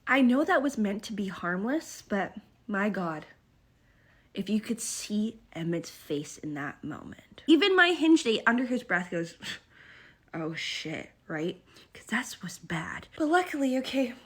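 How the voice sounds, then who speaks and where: Young woman narrator, husky mid-range voice, dramatic and profane storytime. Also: mid-range voice, animated, a little slow. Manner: dramatic, swears often, lots of "okay?".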